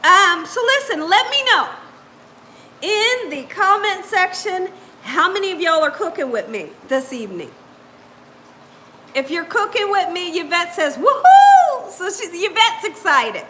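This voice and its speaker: Chatty woman hosting a live stream, super high bright voice, laughs a lot, faint hiss behind. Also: very animated, a little slow. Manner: upbeat, chatty, greets viewers by name; laughs often. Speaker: cooking channel host. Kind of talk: live-stream chat with viewers.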